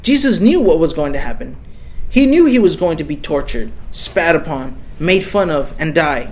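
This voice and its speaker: A man's voice: high voice, low-quality recording. A man preaching a sermon in an earnest, emphatic way, repeating key phrases for weight.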